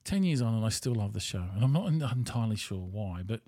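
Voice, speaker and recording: A man's voice: on the low side, lively intonation, quick pace, mellow, no echo, studio quality. An Australian man rambling through a casual monologue as a podcast host, blunt and profane.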